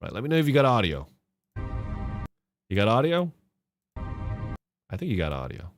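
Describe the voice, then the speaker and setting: A man's voice: fairly low pitch, huge pitch swings, moderate pace, soft background music. A man hosting a podcast and reacting to game clips in casual commentary, sarcastic and mocking, swearing and laughing often. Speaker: podcast host.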